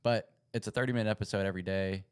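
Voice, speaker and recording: Young male host with a low, resonant voice, chatty and self-correcting on a home livestream. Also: steady tone, rapid-fire, smooth, no room sound, studio quality. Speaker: podcast host. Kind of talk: casual livestream chat. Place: home setup at a computer.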